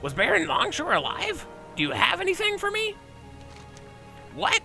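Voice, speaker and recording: A man voicing a greedy, scheming male goblin smuggler boss over game audio, with a raspy, nasal, theatrical delivery. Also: very high-pitched, huge pitch swings, normal speed, bright, forceful tone, faint music behind, voice pushed up, exaggerated voice, poor audio.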